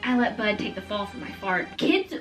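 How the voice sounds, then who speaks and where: A woman in her twenties telling funny childhood stories to her vlog audience in a casual, animated, self-mocking way. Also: medium pitch, moderate pace, recorded from a distance, soft background music, low-quality recording. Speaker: storytime vlogger. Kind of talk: casual storytelling.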